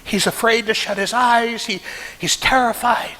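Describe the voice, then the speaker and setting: Storytelling pastor in a reverberant hall. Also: male voice, very high voice, fairly even intonation, a little slow, pushed and bright. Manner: emotional, acts out quoted voices. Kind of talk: sermon storytelling.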